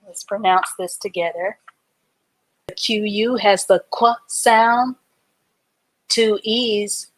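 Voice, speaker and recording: A middle-aged reading teacher gives a live lesson very slowly and carefully, splitting each word into its letters and sounds before blending them back together. She stays patient and encouraging, her medium-pitched voice steady in tone. The recording is low quality with slight background noise.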